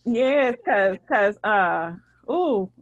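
A woman's voice: medium pitch, very slow, lo-fi sound. A woman in casual chat who tells stories expressively. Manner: expressive, lively storytelling.

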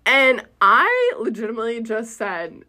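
A young woman in her twenties hosting a casual chat, animated and laughing with lots of fillers. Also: a little high, measured pace. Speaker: podcast host.

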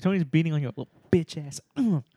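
A man's voice: mid-range voice, brisk, no room sound. A man co-hosting a casual podcast, telling a story with lots of swearing and acted-out voices. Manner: animated, swears freely, acts out voices in stories. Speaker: podcast co-host.

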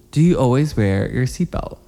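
A man's voice: mid-range voice, mellow. A young man co-hosting a podcast in casual chat, full of "like" fillers and offhand swearing. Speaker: podcast co-host.

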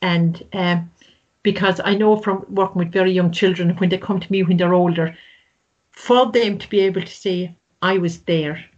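A woman, a grief counsellor recounting a case in an interview, earnest and gentle. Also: lowish voice, steady tone, moderate pace. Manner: earnest, gentle, acts out quoted voices. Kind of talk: storytelling in an interview. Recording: slightly dull, lo-fi sound.

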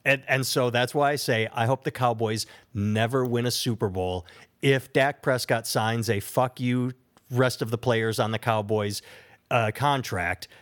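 A man's voice: mid-range voice, measured pace. Opinionated man ranting on a podcast. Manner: opinionated, ranting with mocking quotes. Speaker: podcast co-host. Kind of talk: casual chat.

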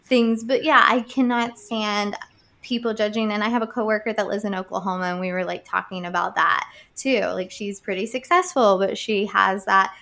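A woman's voice: medium pitch, fairly even intonation, normal speed, creaky, bright, forceful tone. A woman in casual conversation, talking on at length and filling it with "like" and "you know". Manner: talkative, rambling with many likes.

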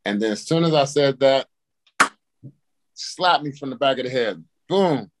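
A man's voice: medium pitch, unhurried, noisy background. A man telling a wild personal story as a podcast guest, swearing freely and acting out his own reactions. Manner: profane and animated, acts out his own reactions. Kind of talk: casual storytelling.

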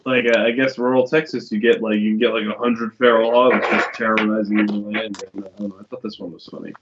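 A man hosting a podcast who reads out news stories in a relaxed, hesitant way, with fillers. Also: fairly low pitch, a little fast, very noisy. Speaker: podcast host. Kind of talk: reading news stories aloud in a casual chat. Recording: dull, lo-fi recording.

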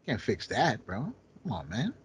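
A man in casual podcast chat, animated and profane, acting out quotes as he tells stories. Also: medium pitch, a little slow, breathy edge.

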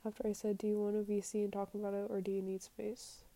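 A woman's voice: medium pitch, monotone, fast talker, dark tone, poor audio. A woman recording a casual, confessional podcast episode. She talks candidly and with plenty of swearing, reads her text messages aloud, and sometimes drops to a whisper.

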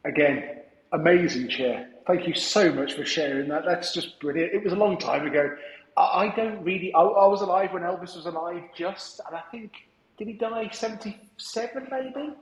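A man's voice: high voice, moderate pace, echoey room, low-quality recording. A man hosting a business podcast, chatting casually and cheering on his guest. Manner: enthusiastic, affirming interjections. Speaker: podcast host. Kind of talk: casual interview chat.

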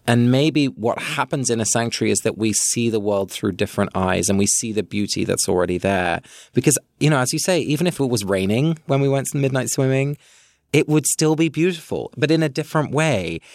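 A man's voice: medium pitch, a little fast, darkish tone, dry recording, studio quality. A man co-hosting a podcast, musing thoughtfully in a casual reflective discussion. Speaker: podcast co-host.

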